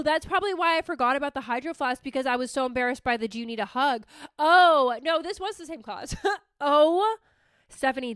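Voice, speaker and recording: Bright, self-mocking young woman host. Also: high voice, clear, resonant tone, dry recording, clean studio sound. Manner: animated, self-mocking, swears freely. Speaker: podcast host. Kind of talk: casual storytelling monologue.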